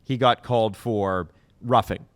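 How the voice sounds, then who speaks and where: A man's voice: fairly low pitch, a little slow, no room sound. A man hosting a hockey podcast, chatting and reading sponsor spots. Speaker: podcast host. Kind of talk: casual chat with ad reads.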